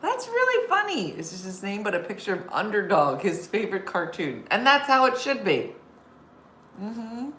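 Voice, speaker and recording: A woman's voice: mid-range voice, big pitch swings, normal speed, a bit bright. A woman comedian hosting a casual live-stream chat, telling stories and reading viewer comments aloud. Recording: roomy sound with faint background noise.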